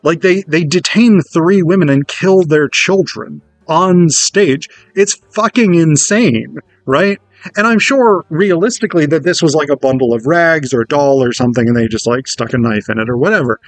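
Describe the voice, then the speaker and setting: A man giving a casual, animated lecture on theatre, chatty and casually profane. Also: a little high, moderate pace, no room sound, soft background music. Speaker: theatre educator.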